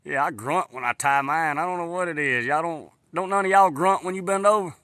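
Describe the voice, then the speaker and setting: A man's fairly high, pushed and bright voice comes through briskly, with no echo. He's casually live-streaming from the woods on a handheld phone, rambling in folksy fashion and responding to viewers' comments.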